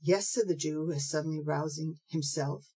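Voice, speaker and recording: Low husky woman narrating a classic novel. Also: normal speed, a little mellow, low-quality recording. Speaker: audiobook narrator. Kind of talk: scripted narration.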